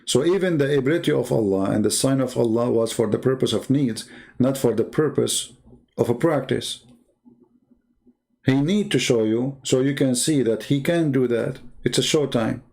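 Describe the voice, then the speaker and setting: Gravelly-voiced man mocking with rhetorical questions. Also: mid-range voice, normal speed, darkish tone. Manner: non-native English grammar. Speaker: Christian debater. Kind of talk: argumentative debate talk.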